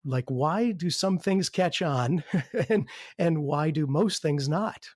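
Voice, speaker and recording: A man hosting a podcast interview, asking long, measured questions. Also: a little high, no echo, studio quality. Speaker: podcast host.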